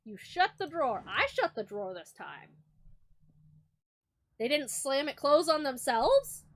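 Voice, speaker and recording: Young woman streamer, high and swingy, excitable and profane, reads game text aloud. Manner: excitable, profane, mock-indignant. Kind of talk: casual gameplay commentary, reading game text aloud.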